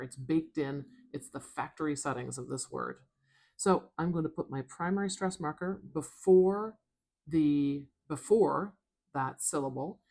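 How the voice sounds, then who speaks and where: A woman with a North American accent teaching pronunciation, patiently sounding out each syllable in a soft-spoken lesson. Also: low-pitched. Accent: North American English.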